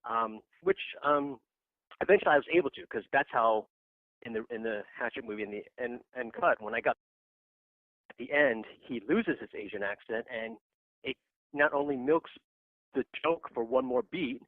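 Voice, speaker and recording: A man's voice: mid-range voice, normal speed, no room sound. Guy on a podcast telling a story, lots of ums, laughing, sounds tinny and dry like over a phone. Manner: animated storyteller, laughs often, many fillers. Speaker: podcast guest, actor. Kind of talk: casual anecdote.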